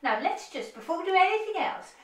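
A woman's voice: extremely high pitch, big pitch swings, brisk, fairly bright tone, distant mic. A woman teaching a violin lesson, giving upbeat, encouraging instructions. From United Kingdom. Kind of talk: online music lesson. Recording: roomy echo, off-mic, violin playing.

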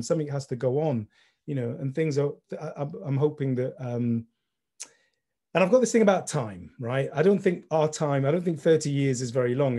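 Man, middle-aged, dark mellow tone, reflective, soft-spoken, panel talk over video call. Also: mid-range voice. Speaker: panel speaker, gallery director. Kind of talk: online panel discussion.

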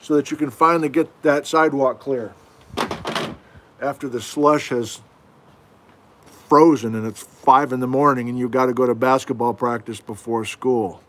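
A mid-range, fairly even voice with a fairly bright tone belongs to a middle-aged man teaching geology over a casual livestream from his home. He speaks at normal speed, answers viewers with folksy, self-deprecating asides, and a little hiss or hum is present.

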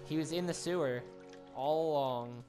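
A man's voice: a little high, normal speed, mellow. A young man bantering and teasing his friends while they play a game together. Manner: teasing, laughs often. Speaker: let's play co-host. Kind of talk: casual banter over gameplay. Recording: game music faintly behind.

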